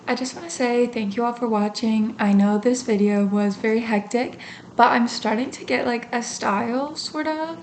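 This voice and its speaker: A woman's voice: medium pitch, gravelly. A young woman vlogging to camera, telling a story in a casual, chatty way with lots of fillers and acted-out reactions. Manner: chatty and animated, lots of fillers, acts out her own reactions. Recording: faint background noise.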